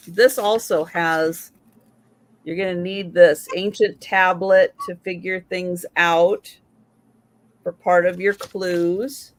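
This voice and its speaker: A woman hosts a live vintage auction, taking her time over every item. Her pace is very slow and methodical as she lays out the pieces and counts down the bids. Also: fairly low pitch. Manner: slow, methodical, describing items. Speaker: live sale host.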